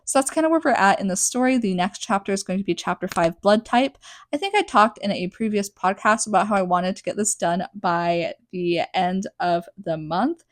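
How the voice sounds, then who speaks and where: A woman's voice: mid-range voice, dry recording. A young adult woman hosting a podcast, recapping a book in a chatty, sarcastic way full of "like". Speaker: podcast host.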